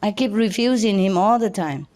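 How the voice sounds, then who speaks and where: Woman teacher, mid-pitched, chatty, halting storytelling full of restarts and light laughter. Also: animated, darkish tone. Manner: halting, many restarts and chuckles. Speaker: spiritual teacher. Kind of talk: personal storytelling to an audience.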